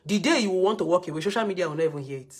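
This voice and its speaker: A woman's voice: fairly low pitch, lively intonation, very fast, breathy edge. A woman with a Nigerian accent giving blunt, scolding relationship advice in a live video session.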